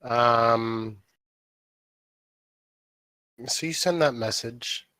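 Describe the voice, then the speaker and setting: A man narrating as dungeon master, telling the story in a slow, drawn-out way. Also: medium pitch, bright, forceful tone, clean tone, no room sound. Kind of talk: narrating a tabletop game.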